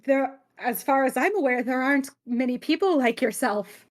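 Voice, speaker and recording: A woman's voice: high-pitched, moderate pace. A woman player in a tabletop game, speaking in character with playful charm.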